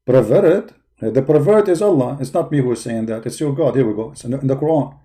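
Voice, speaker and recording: A man's voice: medium pitch, expressive, fast, mellow. A man hosting a call-in show, talking with a sarcastic, teasing manner and breaking into mocking sing-song.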